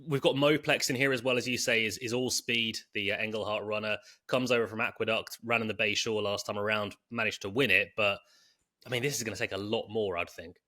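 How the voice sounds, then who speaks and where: A man casually co-hosting a racing podcast, steering the talk and dropping in plugs and quick asides. His voice sits fairly low but sounds bright and clear. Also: steady tone. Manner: chatty, runs the show with subscribe plugs and quick asides. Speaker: podcast co-host. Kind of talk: casual horse racing preview chat.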